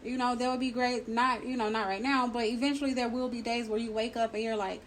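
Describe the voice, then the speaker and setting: A woman's voice: a little high, fairly even intonation, fast talker, hardly any pauses, a little hiss or hum, low-quality recording. A woman hosting a faith-based grief podcast, talking reflectively and drawing on her own life. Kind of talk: supportive faith-based counseling talk.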